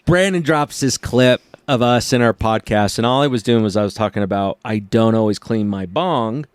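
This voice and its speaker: Animated man telling stories casually. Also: normal speed, clean tone, no echo. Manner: animated storyteller, acts out quotes in a high voice. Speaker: podcast host. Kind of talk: casual chat.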